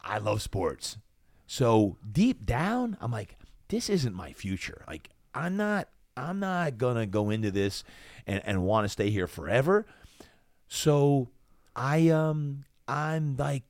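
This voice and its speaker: A man's voice: mid-range voice, slow, dry recording, clean studio sound. A middle-aged man from New Jersey, a fitness coach guest on a podcast, telling a personal story with lots of energy and acting out the dialogue. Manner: animated, acts out quoted dialogue.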